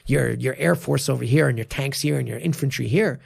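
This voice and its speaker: A male martial arts coach co-hosting a podcast, who talks in an animated, emphatic way with frequent swearing. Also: mid-range voice, fairly quick, gravelly, slightly rough, no room sound, clean studio sound. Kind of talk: casual podcast chat.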